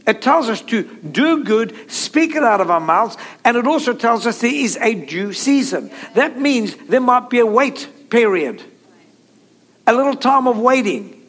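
High-voiced emphatic male preacher. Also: sing-song, unhurried, a bit bright. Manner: emphatic, repetitive preaching with call-and-response. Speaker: pastor. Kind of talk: sermon.

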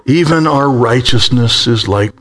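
A man preaching a sermon, swinging between high, urgent exclaims and hushed, low passages, and acting out the voices of prophets. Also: a little slow. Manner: acts out quoted prophets with a rising voice. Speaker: pastor.

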